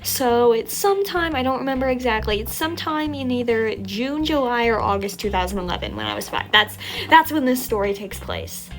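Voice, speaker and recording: A young adult woman telling a story from her childhood in an animated, chatty, self-mocking way, while still a little sick. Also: a little high, fairly quick, soft background music. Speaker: storytime vlogger. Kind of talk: casual storytelling.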